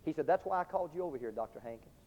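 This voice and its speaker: A man preaching with fiery passion, his high voice leaping wildly between loud peaks and quiet, hushed moments. The sound is dull and lo-fi, with long reverb from a large hall. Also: lively intonation, racing. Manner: impassioned storytelling, swinging from shouts to hushed tones. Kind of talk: sermon.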